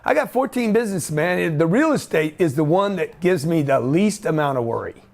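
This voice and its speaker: Loud, joking man, high voice. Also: animated, moderate pace, vocal fry. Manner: loud, joking, pushy, slangy. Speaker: host. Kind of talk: energetic office talk to camera.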